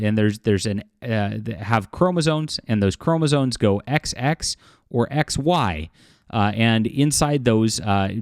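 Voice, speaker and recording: A man giving casual opinion commentary, halting and full of fillers and restarts, with derisive chuckles. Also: lowish voice, dry recording, studio quality.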